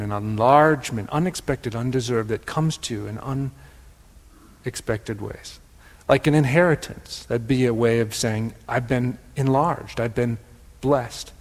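A man's voice: medium pitch, measured pace, long reverb tail. Reflective man with a Wisconsin accent. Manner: gentle, pondering, repeats words for emphasis. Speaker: spiritual teacher. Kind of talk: reflective spiritual teaching.

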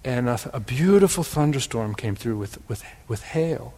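A man with a Wisconsin accent giving a gentle, pondering spiritual teaching, often repeating words for emphasis. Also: medium pitch, animated, normal speed, long reverb tail.

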